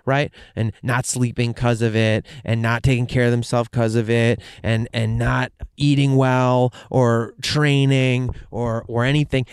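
A man thinks out loud in a loose, candid monologue, swearing freely and circling back with fillers. His voice is smooth and clear, recorded close and dry. The pitch sits in an ordinary middle range. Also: dry recording. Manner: candid and profane, rambling with fillers. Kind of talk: casual monologue.

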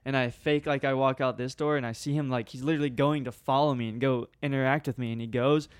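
A young man casually telling a long funny story on a podcast, animated and laughing often. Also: mid-range voice, fast talker, smooth, no echo, studio quality. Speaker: podcast co-host.

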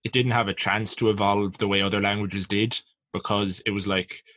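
Man, Irish accent, young adult, flat delivery, bright tone, dry close sound, loose casual podcast chat. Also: on the low side, normal speed, no room sound. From Ireland. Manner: loose, conversational, with frequent "like". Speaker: podcast co-host.

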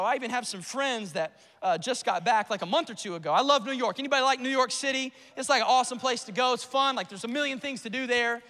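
Male pastor, lively conversational preacher who talks straight to the pews; high, bright voice with hall echo. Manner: conversational, repeats words, calls to the congregation. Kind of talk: sermon. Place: church sanctuary.

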